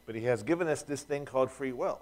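Speaking quickly in a mid-range, slightly mellow voice, a pastor preaches to his congregation in a conversational style. He poses rhetorical questions and repeats words whenever he restarts a thought.

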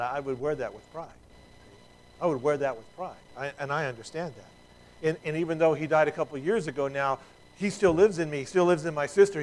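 A man's voice: a little high, slight background noise, poor audio. A middle-aged man preaching a sermon in a conversational way, with asides and restarts and emphatic peaks. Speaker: pastor.

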